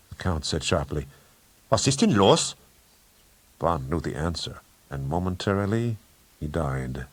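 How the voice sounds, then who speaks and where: A man narrating an audiobook thriller in a measured, dramatic way. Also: sits low, no echo. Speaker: audiobook reader.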